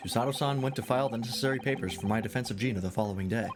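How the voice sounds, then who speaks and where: A man's voice: medium pitch, racing, music in the background. Man reading a game's story aloud. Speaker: streamer voicing a game's story. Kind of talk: reading game dialogue and narration aloud.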